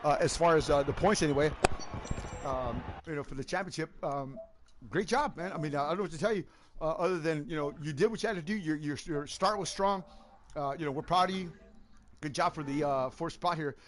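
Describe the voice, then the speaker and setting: A man commentating a sim-racing league live and interviewing drivers afterward, excitable and whooping, calling everyone "man" and "baby". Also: on the high side, a little fast. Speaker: race commentator and league host.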